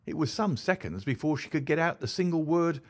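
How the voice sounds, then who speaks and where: A male narrator reads a classic story aloud with an animated, rising and falling delivery. His voice sits a little high for a man and changes pitch for each speaker. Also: fairly quick. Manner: lively, shifts pitch to voice characters. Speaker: audiobook narrator. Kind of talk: scripted narration.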